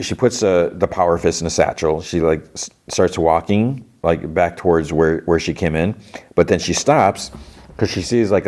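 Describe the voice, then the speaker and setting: Deep-voiced man rambling through a recap. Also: darkish tone. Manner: rambling, filler-heavy retelling. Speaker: podcast host. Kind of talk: casual episode recap.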